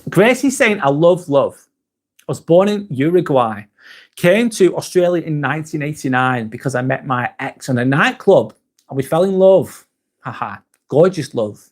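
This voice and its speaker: A man's voice: on the high side, lively intonation, moderate pace. A man hosting a live stream, chatting casually, reading viewer comments aloud and swearing now and then.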